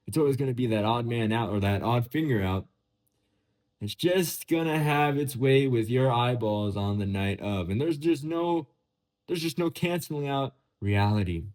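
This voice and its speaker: A man of middle pitch riffing through a casual commentary over photos. He is sarcastic and jokey, and his voice swoops high and then drops low again as he teases and exaggerates. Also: animated, moderate pace, darkish tone. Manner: joking, sarcastic, with big pitch swings. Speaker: MMA commentary vlogger.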